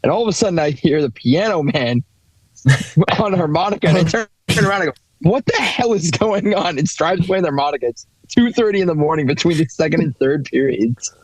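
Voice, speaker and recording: Young male podcast co-host, upbeat storyteller, fairly high pitch, dry close mic. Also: fairly quick, slightly rough, dry recording, poor audio. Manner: laughing, lively storyteller. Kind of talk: casual storytelling chat.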